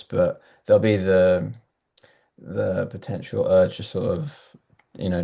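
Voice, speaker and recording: A man giving gentle, halting spiritual advice on a Q&A call. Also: sits low, creaky. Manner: gentle, halting, with frequent restarts.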